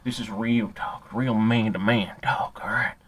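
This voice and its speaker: A man's voice: on the low side, steady tone, unhurried, a bit bright, low-quality recording. A man playing a hot-headed, ignorant ranting man in a comedic character monologue, profane and rambling, stumbling over his own words. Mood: angry rant.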